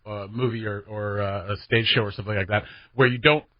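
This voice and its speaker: A man's voice: fairly low pitch, fairly even intonation, a little fast, dry recording. A man in a radio studio chats casually, explaining his ideas with many restarts. The dry sound is a little dull and lo-fi. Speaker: radio host. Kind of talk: casual chat.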